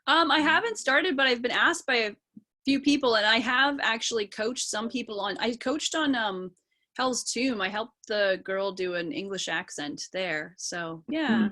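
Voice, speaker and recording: Bright-voiced woman explaining accents on a video call. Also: a little high, a little slow. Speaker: actor and accent coach. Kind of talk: panel video chat.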